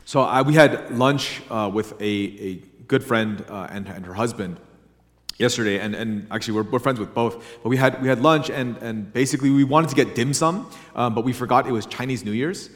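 A young adult man preaching as a pastor, telling a story in a chatty, animated way. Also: mid-range voice, normal speed. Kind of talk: sermon with casual storytelling. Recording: long hall reverb.

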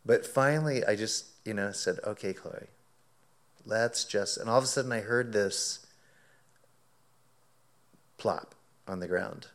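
A man preaching, telling a lively anecdote as a sermon illustration and acting out his own quoted words, often laughing. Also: lowish voice, a little slow, pauses often. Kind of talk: sermon illustration told as a story.

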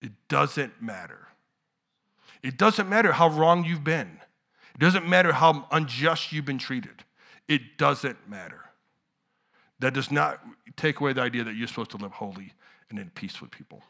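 A middle-aged man preaching a sermon in a casual, talky way, his voice bright and forward. He sinks to near-whispers on key words and then surges loud again. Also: animated, normal speed, vocal fry. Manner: conversational preaching, swings from hushed lows to loud outbursts. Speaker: pastor.

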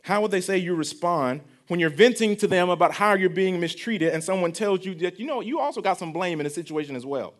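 A man's voice: high-pitched, lively intonation, brisk, hardly any pauses. A young adult man, preaching a sermon in a conversational style, repeating phrases and asking the congregation questions. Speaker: pastor.

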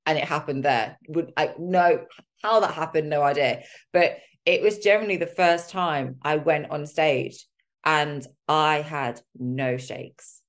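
A woman's voice: sits low, unhurried. A woman hosting a casual solo podcast, talking candidly with mild swearing and a lot of filler words. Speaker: podcast host.

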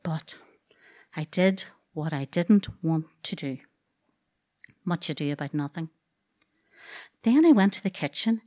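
A woman with a Northern Irish accent tells a true story live on stage, wry and earthy with comic asides. Her voice sits fairly high, and she swears freely without any fuss. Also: fairly bright tone.

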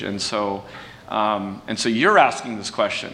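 A man preaching in a relaxed, conversational way, folksy and self-deprecating, with restarts and fillers. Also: unhurried. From California. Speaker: pastor. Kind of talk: conversational sermon talk. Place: church sanctuary. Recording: distant mic with long hall reverb and faint rumble.

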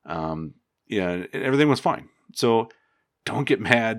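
A man, an agronomist, giving casual advice in a relaxed, rambling way, with many fillers and restarts. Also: deep voice, slow pace, smooth, no room sound, studio quality.

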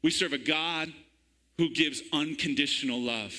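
A man's voice: a little high, unhurried, bright, forceful tone, rough recording. A man preaching a sermon in church, calling out to the congregation for an amen. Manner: call-and-response preaching, asks congregation for amen. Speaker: pastor.

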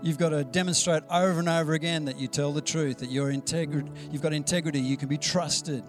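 A man's voice: on the high side, fairly even intonation, fast, over music. A man preaching a sermon in a conversational, storytelling way, acting out the dialogue he quotes. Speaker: pastor.

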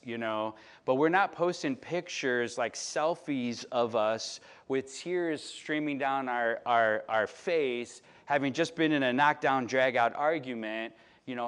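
A man in his late thirties from Chicago, preaching in a relaxed storytelling way and often asking the audience "right?" and "you know?". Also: medium pitch, unhurried, clean tone. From Chicago, United States. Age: late 30s. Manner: chatty, filler-heavy, asks the audience "right?". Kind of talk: conversational sermon storytelling.

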